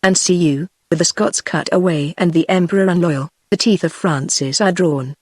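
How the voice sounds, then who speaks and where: A woman's voice: on the low side, normal speed, darkish tone, breathy edge, dry recording. A British-accented synthetic woman's voice reading the lines of an aging English king in formal archaic speech. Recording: dry synthetic voice.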